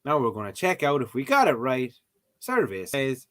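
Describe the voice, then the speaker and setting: A man's voice: medium pitch, wildly swooping pitch, moderate pace. A young Irish man vlogging casually in a playful, exasperated way, repeating words as he tries them out. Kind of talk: casual video chat.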